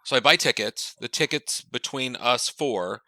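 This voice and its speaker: A man's voice: medium pitch, measured pace, no echo. A man on a podcast telling a long, profane anecdote, acting out the people he quotes. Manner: animated, profane storyteller who acts out quoted dialogue. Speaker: podcast co-host. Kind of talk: casual chat, long anecdote.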